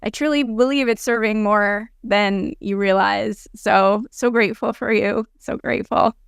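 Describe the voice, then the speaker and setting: A woman's voice: mid-range voice, steady tone, measured pace, gravelly, smooth, dry recording, clean studio sound. A woman hosting a podcast interview, effusive and grateful, on the edge of tears as she thanks her guest. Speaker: podcast host.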